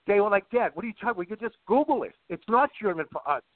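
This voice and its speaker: A middle-aged man telling long rambling stories in a casual, animated way. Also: high voice, very fast, no room sound. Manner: rambling, animated, repeats himself. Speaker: guest. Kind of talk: casual storytelling. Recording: tinny dry call line.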